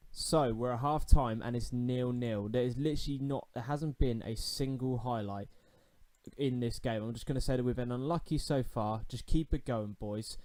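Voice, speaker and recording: Guy doing a let's-play of a football sim, mellow voice, jumpy and nervy, yells when something happens. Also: medium pitch. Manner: excitable, nervous, breaks into shouts at big moments. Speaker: gaming YouTuber.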